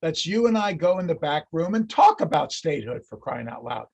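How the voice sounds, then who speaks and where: A man voicing a blunt, jokey old-time male US president with a Missouri drawl, in a lower voice than his own. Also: big pitch swings, fairly quick, creaky, darkish tone, slightly rough, full character voice. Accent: Missouri drawl, as put on. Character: folksy plainspoken male US president, gruff.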